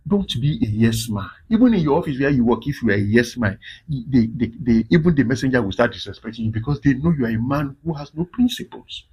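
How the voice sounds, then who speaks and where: A man hosts a marriage advice talk in a husky, slightly breathy voice. He talks in a lively, preachy way and scatters pidgin asides through his points. His pitch sits in a middling range. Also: quick pace, rough recording. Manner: animated, preachy, with pidgin interjections. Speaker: relationship advice host. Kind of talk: casual advice monologue.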